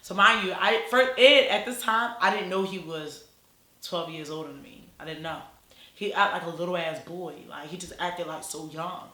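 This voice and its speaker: Bright-voiced woman telling a blunt story. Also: fairly low pitch, normal speed, reverberant. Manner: blunt, profane, rambling storytelling. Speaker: vlogger. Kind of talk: casual storytime chat.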